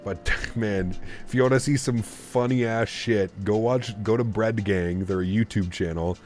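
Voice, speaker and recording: A low-voiced man chats loosely on a live stream, drifting between topics and reading viewer messages out loud. Soft music plays faintly behind him. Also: fairly even intonation, measured pace. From Canada. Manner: rambling, reads chat messages aloud. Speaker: flight sim streamer. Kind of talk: casual live-stream chat.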